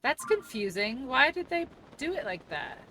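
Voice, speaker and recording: Young woman streaming from home, rambly and giggly, kinda high sharp voice. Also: sing-song, moderate pace, slight background noise. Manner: chatty, rambling and laughing, reads chat aloud. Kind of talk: casual live-stream chat while gaming.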